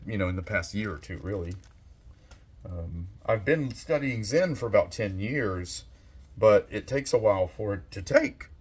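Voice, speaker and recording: A man giving a slow, thoughtful monologue as a channel host, soft-spoken and unhurried. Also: on the low side, husky. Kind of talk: reflective monologue.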